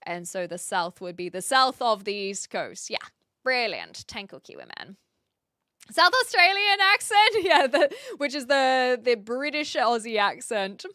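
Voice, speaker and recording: A woman's voice: a little high, bright, forceful tone, no room sound, clean studio sound. A woman streaming and chatting casually with viewers, laughing easily and reading their messages aloud. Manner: chatty, laughing, fillers, reads chat aloud. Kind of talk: casual live-stream chat.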